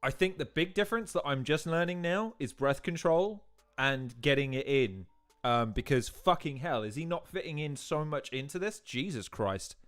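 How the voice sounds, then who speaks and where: A man's voice: a little high, expressive, moderate pace, a bit bright. A man hosting a casual watch-along, chatty and swearing, with hesitant restarts. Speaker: host reacting to a video.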